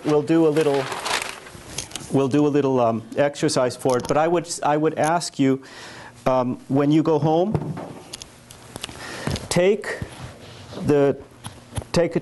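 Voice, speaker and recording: A man with a fairly high voice teaches church chant in a relaxed lecture manner. He breaks off now and then to sing lines slowly. A faint hiss of noise sits under the recording. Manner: explains casually, breaks into slow chanted lines. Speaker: church cantoring instructor. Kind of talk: workshop lecture with sung chant examples.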